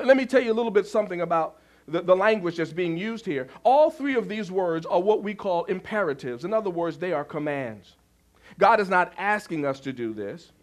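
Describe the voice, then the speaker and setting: High-voiced man preaching a sermon. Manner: storytelling with sudden loud shouted quotes; preaching, repeats key phrases for emphasis. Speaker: pastor.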